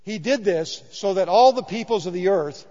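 A man's voice: sits high, normal speed, dark tone. A man preaching a sermon in a church sanctuary, telling stories in a conversational way and repeating key points for emphasis. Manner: conversational storytelling with emphatic repetition. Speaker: pastor. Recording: dull sound with long hall reverb.

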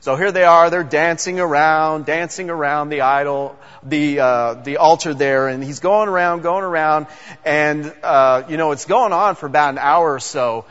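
A man's voice: a little high, moderate pace, a bit bright. A man preaching in a casual, conversational way, retelling a Bible story with repeated words and fillers, recorded dull in a long-reverb hall.

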